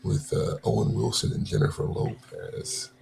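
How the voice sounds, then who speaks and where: A man's voice: lowish voice, monotone, moderate pace, gravelly, background noise. A man co-hosting a podcast, casual chat, joking and laughing often. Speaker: podcast co-host.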